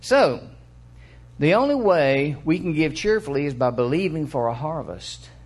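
Reading scripture and posing questions to his listeners, an older preacher speaks in a conversational, expressive voice pitched a little high. He briefly acts out the voices he quotes for illustration.

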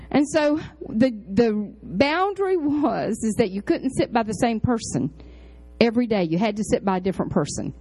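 A woman pastor with a drawl preaches in a chatty storytelling way. Her voice sits a little high, and she leaps into excited highs and drops into low, quiet asides. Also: poor audio. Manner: chatty, animated, jumps between high exclamations and low asides. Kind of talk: storytelling sermon.

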